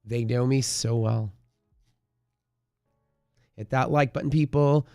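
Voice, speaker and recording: A man's voice: mid-range voice, steady tone, slow pace, gravelly, long pauses, a little mellow, dry recording, studio quality, faint music behind. A man hosting a live day-trading stream, chatting casually in a rambling way, full of fillers and the odd swear word.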